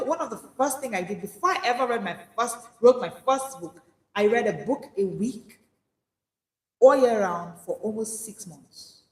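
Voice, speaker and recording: A woman teaching a motivational session, stressing and repeating her key phrases. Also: medium pitch. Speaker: speaking coach. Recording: echoey hall with long reverb.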